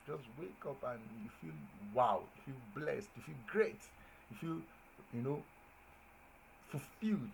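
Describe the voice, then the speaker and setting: A man giving a grammar lesson at a medium pitch, stressing his examples with lively emphasis and checking that his listeners follow. A faint hiss of noise sits behind his voice. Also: moderate pace, creaky, low-quality recording. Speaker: teacher. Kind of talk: classroom-style grammar lesson.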